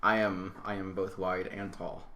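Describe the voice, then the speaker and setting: A man's voice: low voice, little pitch movement, moderate pace, pushed and bright, echoey room, slight background noise. A man playing a tabletop role-playing game, goofy and self-mocking as he jokes about his character. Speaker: player.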